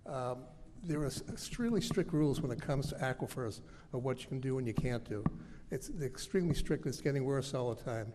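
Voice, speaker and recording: A man's voice: mid-range voice, brisk, mellow. A man serving as town selectman, making an earnest, persuasive speech from the floor of a public meeting. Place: large town meeting hall. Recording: echoey hall, faint room noise.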